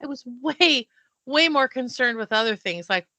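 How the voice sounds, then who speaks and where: Middle-aged American woman, podcast co-host; bright, slightly high voice; lively storyteller who restarts her sentences. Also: moderate pace, no room sound. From United States. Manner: animated storyteller, acts out quoted people; restarts and stumbles mid-sentence. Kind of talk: casual storytelling chat.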